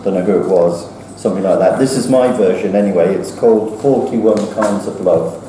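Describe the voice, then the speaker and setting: A man performing his own poem at an open mic, chanting it rhythmically with big swoops up and down in pitch. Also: moderate pace, warm tone, slight background noise. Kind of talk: performance poetry. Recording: echoey room from far off with faint ambience.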